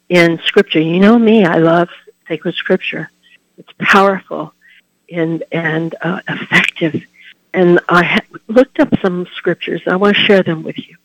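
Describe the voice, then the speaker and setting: Man, high voice, devotional preaching, earnest, heartfelt, soft trailing phrases, dry close recording. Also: vocal fry, dry recording, low-quality recording. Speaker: Catholic preacher giving a Lenten reflection. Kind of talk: devotional talk.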